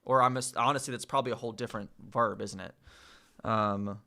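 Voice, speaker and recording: An American man hosting a casual live chat, slowly sounding out words with many fillers and pauses. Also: on the low side, steady tone, gravelly, pushed and bright. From United States. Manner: slow, hesitant, full of fillers, sounding out words. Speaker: livestream host learning Polish.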